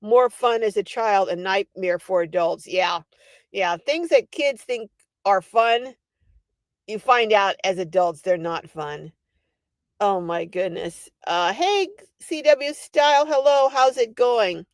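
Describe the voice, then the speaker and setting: A woman's voice: mid-range voice, slow pace, dry recording. An older woman hosting a casual livestream, telling a story animatedly and reading out viewer comments. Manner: animated storytelling, laughing often. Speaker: livestream host.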